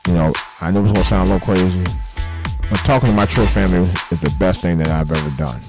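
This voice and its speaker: Deep-voiced earnest late-night host. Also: male voice, fast, music in the background. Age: 50s. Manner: earnest, repetitive, blunt with occasional swearing. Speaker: call-in show host. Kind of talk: live late-night call-in monologue.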